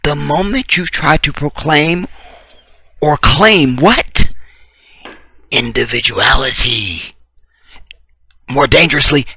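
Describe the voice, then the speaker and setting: A man's voice: mid-range voice, sharp tone, breathy edge, no echo. A man giving a preachy commentary monologue, emphatic and profane, speaking straight to his listeners. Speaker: video commentator.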